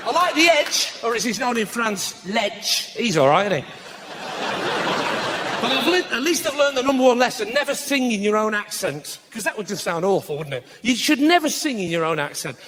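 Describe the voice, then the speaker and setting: A man doing live stand-up comedy in a large venue, bantering with the crowd, mocking, and breaking into bursts of shouting. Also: extremely high pitch, very animated, moderate pace, background noise. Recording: live show with loud audience laughter.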